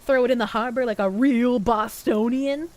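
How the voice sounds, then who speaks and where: A young woman streaming live, chatting casually and thanking viewers, swinging from loud high squeals to low mutters. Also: fairly even intonation, normal speed, no room sound. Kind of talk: casual live-stream chat reading donations.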